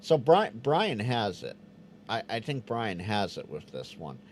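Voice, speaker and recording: A man chats through a live question-and-answer stream, his pitch bouncing around in a lively, expressive way. He stumbles into quick restarts and slips into little acted-out quotes. A faint hum of room noise sits under his voice. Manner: animated, stammering restarts, acts out quoted voices. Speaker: livestream host answering chat questions. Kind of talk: casual live Q&A chat.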